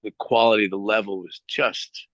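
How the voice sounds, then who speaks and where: Middle-aged male actor, low register, relaxed anecdotal interview delivery; dry, dull-toned sound. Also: normal speed, dry recording. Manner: animated anecdotes with acted-out quotes. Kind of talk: casual interview storytelling.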